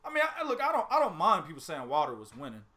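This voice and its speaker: A man hosting a boxing podcast, chatting casually, animated and profane, laughing often. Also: a little high, racing. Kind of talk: casual chat.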